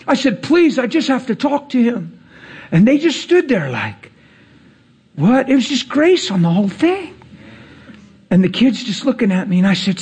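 A man preaching, telling a personal story with acted-out dialogue and emphatic rising passages. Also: husky. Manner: animated, acts out dialogue, rises to emphatic highs. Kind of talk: sermon storytelling.

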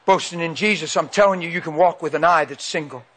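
A man's voice: fairly high pitch, fast, a bit bright. A male preacher telling a personal story in a folksy, emphatic way, acting out the dialogue. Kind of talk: sermon storytelling.

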